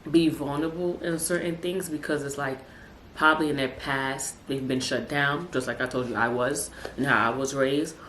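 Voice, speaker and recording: A woman's voice: a bass voice, steady tone, moderate pace, a bit bright. A young woman hosting a podcast, talking in a casual, emphatic monologue, repeating words for stress and dropping in street slang. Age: young adult. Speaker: podcast host. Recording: echoey room with faint background hum.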